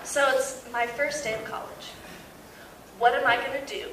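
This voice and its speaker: A young woman doing a stand-up comedy set in a large hall before a live audience. She tells stories in an animated way and often breaks into laughter, and she is heard from far off with loud audience noise. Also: high-pitched, moderate pace. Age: young adult. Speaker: student comedian.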